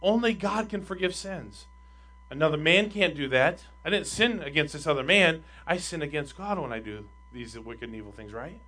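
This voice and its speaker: Bright-voiced male pastor preaching emphatically. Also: fairly high pitch, lively intonation, moderate pace. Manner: emphatic, swings between loud and quiet; asks the congregation rhetorical questions. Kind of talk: sermon.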